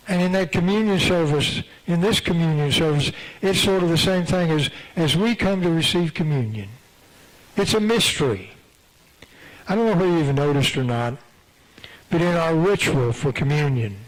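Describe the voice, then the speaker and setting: A man's voice: fairly high pitch, low-quality recording. A man preaching a sermon in a church, conversational and repetitive, with frequent restarts. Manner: conversational, repeats phrases, many restarts. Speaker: pastor. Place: church sanctuary.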